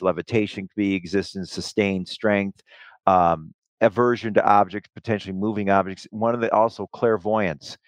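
A man with a somewhat low voice talks at length, retelling film scenes with frequent restarts and asides. The sound is dry and close, with no room around him. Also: no room sound. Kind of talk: casual discussion.

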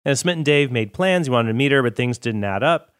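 A man's voice: mid-range voice, animated, fast, clean tone, no echo, clean studio sound. A man hosting a show, talking casually with asides and brief mock voices. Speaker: podcast host. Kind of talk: casual commentary.

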